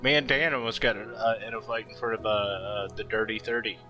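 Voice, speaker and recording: Young male streamer, bright voice, chatty storyteller, lots of fillers and laughs. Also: on the low side, steady tone, a little fast, faint music behind, poor audio. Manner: rambling, laughs often, many fillers and restarts. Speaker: artist streaming while drawing. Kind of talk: casual storytelling while drawing.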